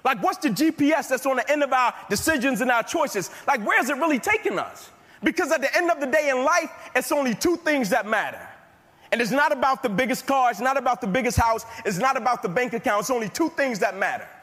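Passionate high-voiced motivational speaker man. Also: lively intonation, quick pace, sharp tone. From United States. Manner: passionate, rhythmic, repeating phrases. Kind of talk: motivational speech with storytelling. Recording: reverberant hall.

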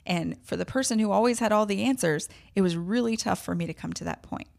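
A woman's voice: mid-range voice, fast talker, vocal fry, a little mellow. A woman hosting a podcast, telling a personal story in a candid, emotional way with self-deprecating laughs. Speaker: podcast host.

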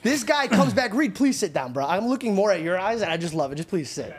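Talking quickly in a high voice, the young podcast host tells a story casually and with animation. He swears freely and performs what people said.

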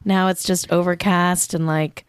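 A woman's voice: lowish voice, little pitch movement, measured pace, clean tone, no echo. A woman guesting on a casual podcast, chatting in an upbeat, friendly way.

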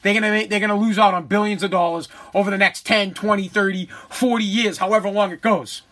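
A man's voice: high-pitched, fairly even intonation, fast, sharp tone. Heated man on a profane rant. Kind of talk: angry rant.

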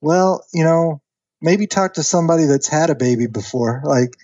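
A man in his thirties casually telling a long story on a podcast, animated and acting out the voices of the people in it. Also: on the high side, normal speed, dry recording, muffled recording. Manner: animated storyteller, acts out quoted voices, many fillers. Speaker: podcast guest.

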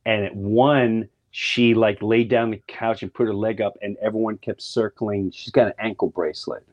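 A man's voice: lowish voice, fairly even intonation, moderate pace, a little mellow, dull audio. A man co-hosting a casual talk show, speaking animatedly and mimicking other people's voices. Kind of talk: casual conspiracy chat.

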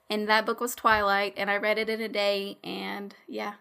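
Bubbly high-voiced woman podcast host. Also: fairly even intonation, normal speed, hardly any pauses, pushed and bright. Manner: bubbly, laughs often. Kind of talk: casual podcast chat.

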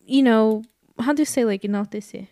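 Gravelly-voiced woman chatting thoughtfully. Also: mid-range voice, moderate pace, a little mellow, dry recording, studio quality. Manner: thoughtful, many fillers, searching for words. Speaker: podcast co-host. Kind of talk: casual chat.

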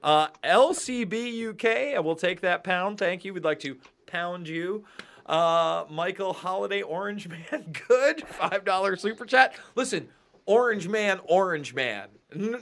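Brief: slightly high male co-host, jokey, rattles off thank-yous. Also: lively intonation, sharp tone. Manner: brisk, jokey, reads out names and thanks. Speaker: podcast co-host reading viewer donations. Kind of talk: casual live-stream chat.

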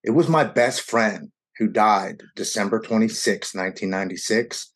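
A man in his forties recounting his own story as a guest, his voice sitting on the lower side. He speaks earnestly and with feeling, often stumbling and restarting mid-sentence. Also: normal speed. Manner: earnest and emotional, with frequent stammered restarts. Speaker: guest sharing a recovery story. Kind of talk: personal storytelling in conversation.

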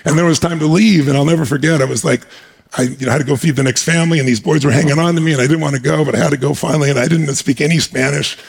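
A man telling a personal story on stage as a guest speaker, animated and emphatic, acting out the scenes. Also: fairly high pitch, very fast, creaky, husky.

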